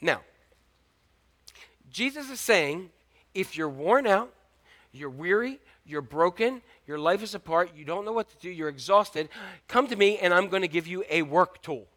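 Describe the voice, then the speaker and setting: Bright, lively preaching pastor, a man. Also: a little slow. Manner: lively preaching, jokes, sudden rises in pitch and loudness. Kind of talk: sermon.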